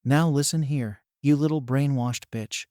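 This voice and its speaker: A man's voice: mid-range voice, moderate pace, warm tone, no echo, close to an everyday voice. A man voicing a vain, bullying middle-aged mother who sneers and swears, read in a dry, close sound. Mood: snarling.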